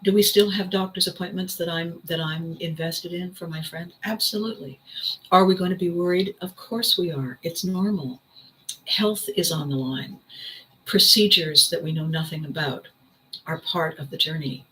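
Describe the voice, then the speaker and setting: A woman hosts her own vlog, telling a personal story in a loose, casual way. Her voice is bright, and she laughs often as she talks. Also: on the low side, moderate pace, a little hiss or hum, poor audio. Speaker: vlog host.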